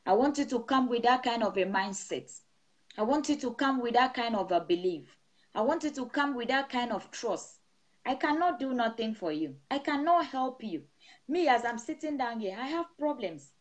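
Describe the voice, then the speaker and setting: A middle-aged woman pastor preaching a sermon over an online broadcast, speaking in an emphatic, repetitive blessing cadence. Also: fairly high pitch. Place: seated indoors.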